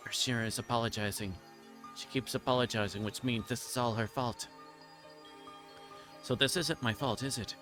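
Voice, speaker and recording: A man's voice: medium pitch, steady tone, normal speed, pauses often, a bit bright, soft background music, lightly acted. A man streamer reading aloud as a delirious, guilt-ridden young girl, repeating himself in anguish and stumbling over a few words. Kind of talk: dramatic reading of game text.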